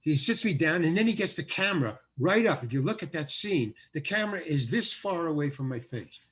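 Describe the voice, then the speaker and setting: Animated older man telling a story. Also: a little high, a little fast, breathy edge. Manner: animated, acts out other people's lines. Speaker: guest actor. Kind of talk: storytelling anecdote in an interview.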